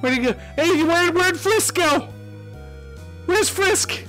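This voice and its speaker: A man voicing an excitable young male monster kid in a social VR game, gushing and stammering with excitement. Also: very high-pitched, slow, faint music behind, heavily acted, rough recording. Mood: starstruck. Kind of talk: voice chat role-play in a social VR game.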